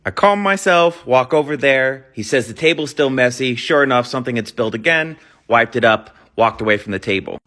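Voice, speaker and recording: A man who once waited tables in nightclubs, telling a story in a dry, deliberate way. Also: mid-range voice, animated, a bit bright. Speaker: former nightclub server. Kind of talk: casual storytelling.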